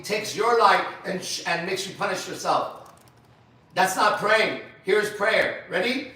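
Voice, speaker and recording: A man's voice: high-pitched, animated, unhurried, sharp tone. A man preaching to a men's group, blunt and emphatic, repeating phrases for stress. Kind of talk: sermon-style teaching. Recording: very echoey room, voice far from mic.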